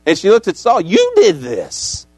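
A man's voice: high voice, huge pitch swings, a little slow, a little mellow, no echo, pitched above the performer's own voice, heavily acted. A man voicing a frightened woman medium who shrieks and gasps in panic as he retells a story in a sermon. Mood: panicked.

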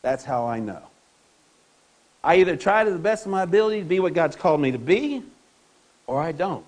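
A man's voice: on the high side, big pitch swings, brisk. A man preaching a sermon, reading scripture aloud and pressing his point with rhetorical questions and repetition. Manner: reads scripture aloud to the congregation. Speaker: pastor.

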